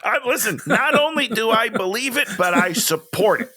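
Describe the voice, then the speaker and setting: A man's voice: very high-pitched, moderate pace. A man from Minnesota co-hosting a casual comedic chat, joking around and putting on little voices as he retells scenes. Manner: animated, jokey, puts on voices when retelling. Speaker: podcast co-host.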